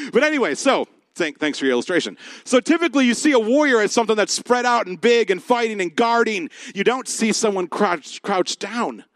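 A male pastor preaching a sermon, telling the story with lively acted-out dialogue and talking with the congregation. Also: sits high, measured pace, no echo, a faint crowd. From Michigan. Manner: animated storytelling, acts out quoted voices.

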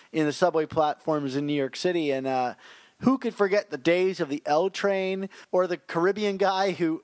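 A man's voice: a little high, no room sound. A man co-hosting a comics podcast, chatting casually in a playful, teasing way. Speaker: podcast co-host.

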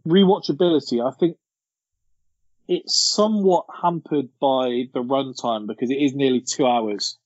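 A man with a husky voice hosts a casual chat about films, steering the talk and laughing often. The sound is dry and a little dull. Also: medium pitch, moderate pace, darkish tone, no echo. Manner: laughs often, leads the categories. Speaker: podcast host.

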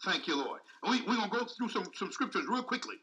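Animated high-voiced man preaching. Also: a little fast, far from the mic, muffled recording. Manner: call-and-response preaching, repetitive, emphatic. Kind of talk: sermon.

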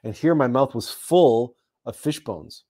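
A man from Canada recounting a childhood story in a reflective talk, halting often and repeating words with many fillers. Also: mid-range voice, lively intonation, dark tone, husky. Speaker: host.

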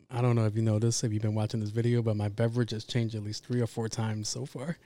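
A man's voice: on the low side, little pitch movement, a little fast, warm tone, no echo. A man hosting a podcast, talking in a casual, rambling monologue full of swearing and self-interruptions. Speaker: podcast host.

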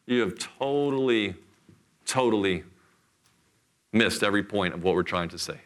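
A middle-aged man preaching a sermon in church, telling a scripture story with lively, acted-out voices. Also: mid-range voice, normal speed, pauses often. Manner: animated storytelling, acts out voices. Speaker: pastor.

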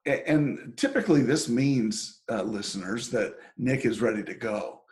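A middle-aged man co-hosting a podcast in casual chat, playful and quick to laugh, often searching for names. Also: medium pitch, a little mellow. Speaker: podcast co-host.

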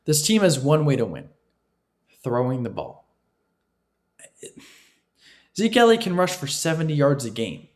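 A man's voice: fairly high pitch, very animated, unhurried, pauses often. A man delivering an opinionated football analysis monologue, emphatic and repetitive, often asking his listeners "right?". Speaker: sports commentator.

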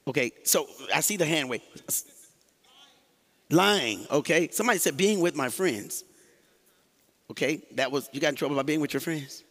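Man, pastor, lively sermon, lots of laughter, pitch swings high and low. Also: moderate pace, long pauses, big-room sound. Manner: animated, laughing, call-and-response with the congregation.

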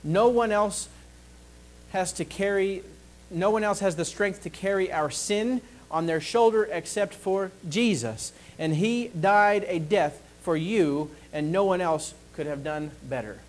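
A man preaching a sermon, slow and deliberate, pausing to ask the congregation for an amen. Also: sits high, poor audio.

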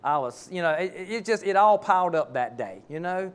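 A man's voice: sits high, lively intonation, moderate pace, smooth. A man, a pastor preaching a sermon and telling heartfelt, folksy stories.

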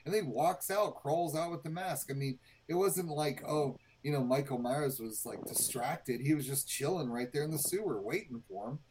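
A man's voice: fairly high pitch, moderate pace, few pauses, a little mellow, a little hiss or hum, poor audio. A young adult man co-hosting a podcast, speaking emphatically and swearing, sometimes tripping over his words. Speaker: podcast co-host. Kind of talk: casual movie review chat.

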